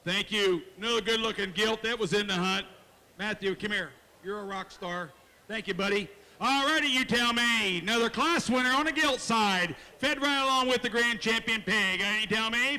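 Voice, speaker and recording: A man working as a livestock auctioneer at a county fair, chanting bids in a fast rhythm and joking folksily with bidders. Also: high voice, sharp tone, big-room sound. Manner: folksy, jokes with bidders and kids. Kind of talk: rapid auction chant and announcements. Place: county fair show arena.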